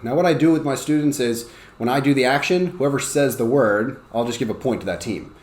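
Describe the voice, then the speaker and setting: Energetic male ESL teacher, roomy echo. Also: fairly quick. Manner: energetic, demonstrates classroom drills with bursts of high excited calls. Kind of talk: teaching demonstration.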